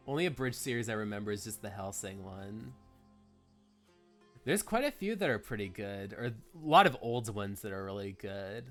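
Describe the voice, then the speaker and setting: A man's voice: fairly low pitch, sing-song, moderate pace, soft background music. A young man streaming a game, rambling casually with lots of "like" fillers. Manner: rambling, heavy use of "like", laughs often. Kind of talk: casual let's-play commentary.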